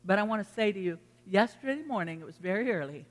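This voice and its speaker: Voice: medium pitch, expressive, quick pace. A pastor preaching a sermon in a folksy, earnest storytelling manner, addressing the congregation from the front of a church. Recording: long reverb of a hall.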